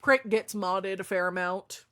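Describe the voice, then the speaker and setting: A young adult woman streamer chatting casually with her viewers, swearing freely, with a deeper voice than most women. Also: unhurried, a bit bright. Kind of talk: casual live-stream chat.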